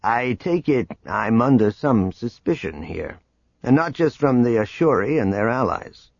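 A man voicing a laid-back male smuggler who speaks in a relaxed, dry way. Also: mid-range voice, a little slow, vocal fry, no room sound, muffled recording, heavily acted. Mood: wry.

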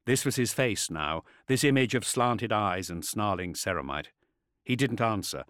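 A man reading a novel aloud as narrator, measured and expressive, sinking to a hushed intensity. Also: on the low side, dry recording, clean studio sound. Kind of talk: audiobook narration.

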